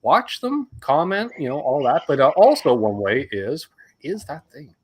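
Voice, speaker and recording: A man's voice: a little high, huge pitch swings, moderate pace, husky. A Canadian man co-hosting a live chat stream, rambling and reading out supporters' names. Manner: chatty, rambling, reads out names. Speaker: co-host. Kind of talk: casual livestream chat.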